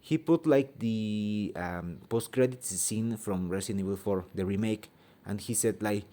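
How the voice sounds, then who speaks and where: Mexican guy ranting on his channel in second-language english, lots of ums, swears, soft dark tone. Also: lowish voice. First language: Spanish. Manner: halting, searching for words, many ums; blunt, swears freely. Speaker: channel host. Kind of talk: opinion vlog rant.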